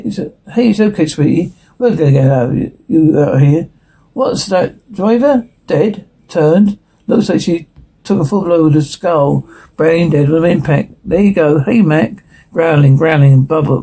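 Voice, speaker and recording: Gravelly husky man reading a script. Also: fairly high pitch, mellow, low-quality recording. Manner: plain read-through with stumbles and restarts, little voice change between characters. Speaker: radio show host reading a screenplay. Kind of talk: reading a TV script aloud, sound cues included.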